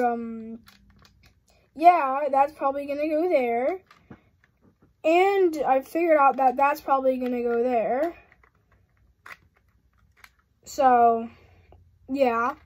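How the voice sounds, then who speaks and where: A woman's voice: high voice, slow, long pauses, darkish tone. A young woman casually talking through a model build on her channel, giggling often and rambling with frequent apologies. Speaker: hobby channel host.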